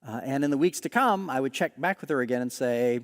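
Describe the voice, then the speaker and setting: A middle-aged male pastor preaching a sermon in a relaxed, conversational storytelling way, often pausing on "uh". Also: medium pitch, in a large hall. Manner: conversational storyteller with frequent "uh" pauses. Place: large church hall.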